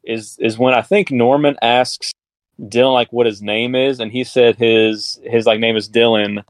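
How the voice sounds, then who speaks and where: A man co-hosting a podcast in a relaxed, chatty tone. His voice sits at an ordinary pitch, and he talks with casual enthusiasm. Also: unhurried, no echo. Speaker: podcast co-host. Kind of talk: casual chat.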